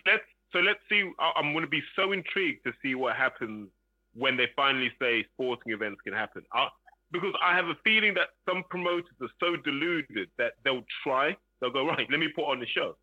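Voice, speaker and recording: A man's voice: medium pitch, lively intonation, a little fast, pushed and bright, no echo, highs cut off. A man co-hosting a casual podcast, opinionated and emphatic as he argues his point. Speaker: podcast co-host. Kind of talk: casual chat.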